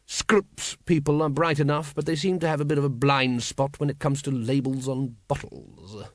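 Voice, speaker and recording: A man's voice: medium pitch, steady tone, moderate pace, no room sound, close to an everyday voice. A man voicing an unruffled, polite aristocratic older ruler with a dry manner. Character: calm urbane aristocratic older male ruler.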